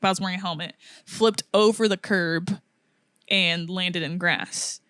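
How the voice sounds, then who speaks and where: A woman's voice: fairly low pitch, measured pace, smooth, dry recording, clean studio sound. A young woman co-hosting a podcast, telling a story casually and acting out what people said. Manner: animated storyteller, acts out quotes, laughs often. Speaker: podcast co-host.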